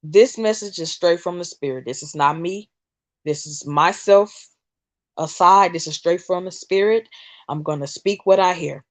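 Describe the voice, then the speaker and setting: A woman's voice: lowish voice, normal speed, dry recording. A woman hosting a spiritual livestream. She sounds emotional and speaks in emphatic, repetitive phrases in a channeling style.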